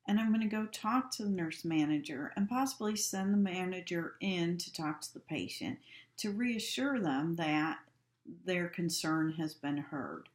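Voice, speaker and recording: A woman giving a practical instructional lecture on handling upset patients, calm and practical in manner. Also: fairly low pitch. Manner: calm, practical, acts out example dialogues. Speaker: healthcare instructor. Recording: echoey room.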